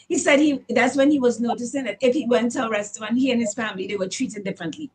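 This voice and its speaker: A woman's voice: on the high side, low-quality recording. A woman from the Caribbean, a salon owner, telling personal stories bluntly and emphatically as an interview guest, often repeating words as she builds a point. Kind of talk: candid personal storytelling.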